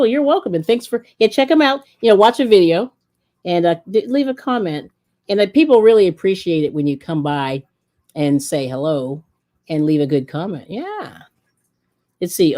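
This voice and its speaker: Lively, low-voiced woman hosting a live stream. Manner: chatty and giggly, laughs often between remarks; rambling, with many fillers and restarts. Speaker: cooking live-stream host. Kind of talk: casual live-stream chat, reading viewer comments aloud.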